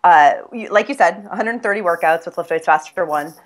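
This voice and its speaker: A woman's voice: on the low side, moderate pace. A woman fitness coach chatting casually, explaining her workout program enthusiastically with frequent restarts. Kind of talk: casual conversation. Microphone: phone or online call.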